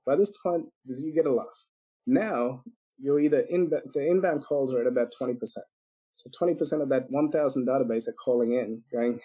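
A man on a podcast tells a client story with energy, slipping into little acted-out voices for the people he quotes. His voice is warm and dark in tone, with a breathy, husky edge. He laughs easily as he goes. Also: medium pitch, brisk, rough recording. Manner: animated storyteller acting out quotes; laughs often. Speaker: business consultant guest.

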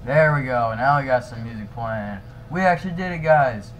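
A young man voicing his own character in a fan-made game drama, excitable and swinging between shouting and nervous mumbling. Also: medium pitch, normal speed, dull audio. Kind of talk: improvised fan machinima dialogue.

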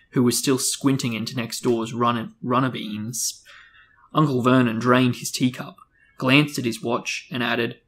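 A man reads a novel aloud in steady, plain narration. His voice sits in a middle pitch, even and unhurried. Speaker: reader and show co-host.

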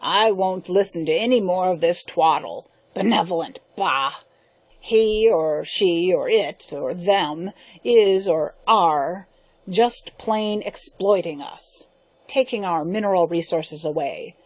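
A woman reading an audiobook, voicing a stubborn old grandfather who talks slowly and mournfully. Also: on the low side, no room sound. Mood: scoffing.

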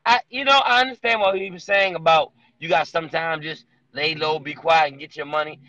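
Brief: quick, sharp-toned male co-host, blunt and profane, dull livestream sound. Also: on the high side, fairly even intonation, no echo. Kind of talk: casual chat on a live stream. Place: indoors, hot room.

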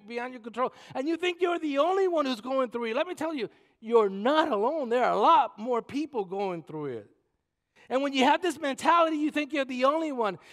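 A man with a high voice preaching a sermon, reading scripture and swinging from a near-whisper to loud, urgent bursts. The sound carries a long church reverb. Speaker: pastor. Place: church sanctuary.

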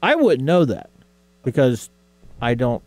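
A man's voice: mid-range voice, sing-song, measured pace, a little mellow, no room sound. Wry, skeptical male radio co-host. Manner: wry, skeptical, explains in a lecturing way. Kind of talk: casual radio talk show chat.

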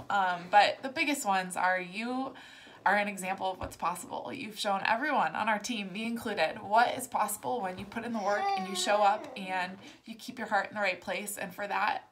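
A woman, a mother, giving a warm, emotional video tribute to her team leader and close friend. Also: mid-range voice, moderate pace, a little hiss or hum. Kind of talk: heartfelt recorded message.

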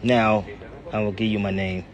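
A man's voice: fairly low pitch, level tone, normal speed, a crowd in the background. A man with an American accent talking in a loose, slangy, chatty way while vlogging on a city street into a phone. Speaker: travel vlogger. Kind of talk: casual street vlog. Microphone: phone camera.

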